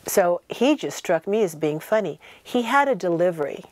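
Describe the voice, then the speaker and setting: A woman in her sixties, a guest in an interview, telling animated and emphatic stories and acting out the people she quotes. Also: fairly low pitch, moderate pace, no echo. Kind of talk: anecdotal interview storytelling.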